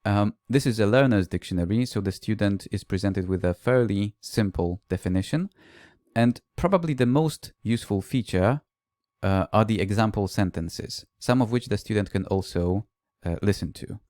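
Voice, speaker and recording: A man with a fairly low voice presents at a language-teaching conference, explaining calmly and telling classroom stories with a few "uh" fillers. The sound is dry and close, with no room echo. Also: moderate pace.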